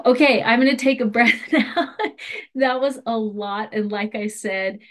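A woman co-hosting a company call, speaking in an eager, rushed stream full of fillers and restarts. Her voice sits a little low for a woman. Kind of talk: promotional company call, fast and upbeat.

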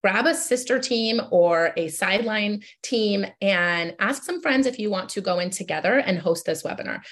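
A woman's voice: medium pitch, animated, moderate pace, a bit bright. A woman giving an upbeat online sales training, coaching listeners directly and checking in with them often.

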